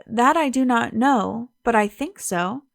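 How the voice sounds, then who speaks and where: A woman voicing a frightened young French maid who speaks in careful, halting phrases, in an audiobook. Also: on the high side, expressive, vocal fry, no room sound, studio quality.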